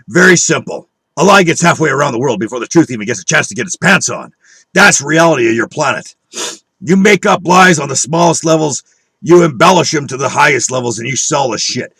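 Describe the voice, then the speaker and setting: A man with a husky, slightly raised voice, ranting in a combative, profane and scornful way as he preaches at his viewers. The recording is dry and close, with no room sound. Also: a little high, fairly bright tone, no room sound. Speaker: online video speaker. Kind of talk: angry conspiracy rant.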